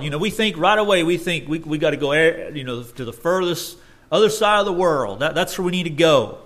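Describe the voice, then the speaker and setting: A man's voice: a little high, expressive, moderate pace, pushed and bright. A man preaching a sermon earnestly, often restarting his phrases and rising in force when he quotes scripture.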